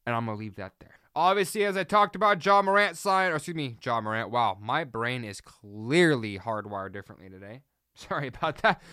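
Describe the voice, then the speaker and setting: A man hosting his own sports podcast, talking alone in a sarcastic, animated rant that wanders and corrects itself. His voice is smooth and clear. The sound is dry and close, with no room around it. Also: a little high, no echo.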